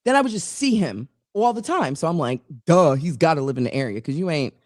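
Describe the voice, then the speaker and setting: Woman cohost rambling thru a story, super animated, voice all over the place, dry mic. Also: low voice, brisk, no echo. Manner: animated, rambling, restarts stories. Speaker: co-host. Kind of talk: casual chat, storytelling.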